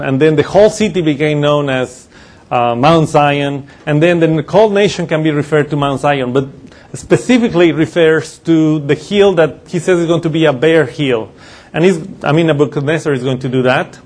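A man preaching a sermon, explaining scripture in a loose teaching way with pauses and self-corrections. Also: on the high side, a little mellow. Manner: uses slides while teaching.

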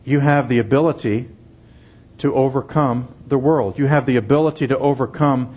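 A man's voice: medium pitch, steady tone, normal speed, darkish tone, breathy edge. Earnest man preaching an expository sermon. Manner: earnest, emphatic, repeats key phrases. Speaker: pastor.

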